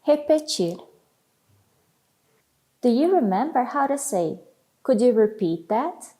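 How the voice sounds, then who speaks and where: A woman teaching a language lesson, saying each phrase slowly and clearly, then repeating it for learners. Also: a little high, big pitch swings, dark tone.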